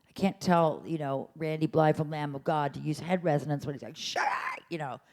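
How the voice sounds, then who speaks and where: A woman's voice: low voice, a little fast, warm tone. A woman voice teacher leading a workshop, chatty and playful, showing sounds by meowing and humming. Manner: demonstrates sounds, meows and hums. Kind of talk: vocal workshop instruction. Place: lecture room at a symposium.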